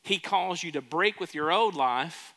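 A man's voice: a little high, animated, a little slow, sharp tone. A man preaching a sermon as pastor in a church, telling a story and asking the congregation questions. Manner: storytelling, asks the crowd questions. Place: church sanctuary. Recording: long church reverb.

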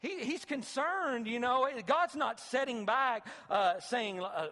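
A high-pitched male pastor delivers a conversational sermon in a church sanctuary. He repeats his key phrases and breaks into emphatic, rising bursts, and his voice carries a long reverb off the hall walls. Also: slow, hardly any pauses, pushed and bright.

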